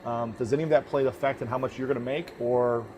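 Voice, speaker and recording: A man's voice: mid-range voice, steady tone, quick pace, a little mellow. A man asking interview questions, with many short agreeing replies.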